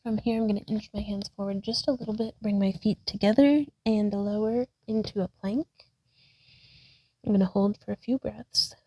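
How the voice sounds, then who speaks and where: At home indoors by a wall, a yoga instructor with a slightly rough mid-range voice cues breaths and poses at a normal pace. She's breathless at moments, laughs at herself, and chats casually between cues, with some self-talk. The recording is dry and low quality.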